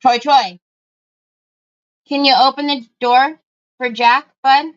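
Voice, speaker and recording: Chatty woman doing a craft livestream, high voice, slow easygoing talk, bit muffled audio. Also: flat delivery, clear, resonant tone. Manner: chatty, breaks off to call to family. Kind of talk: casual crafting livestream chat.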